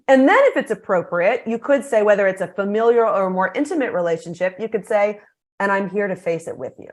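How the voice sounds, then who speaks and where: Energetic middle-aged woman speaker. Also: a little high, fast. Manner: energetic, animated storytelling. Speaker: guest speaker. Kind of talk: podcast interview.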